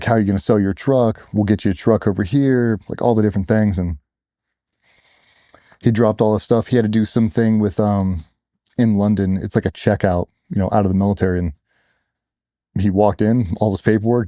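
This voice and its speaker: A man's voice: fairly low pitch, mellow, no room sound, clean studio sound. A man candidly telling a personal story in an interview, blunt and plainspoken, acting out other people's lines as he goes. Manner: blunt, plainspoken, retells dialogue in quotes.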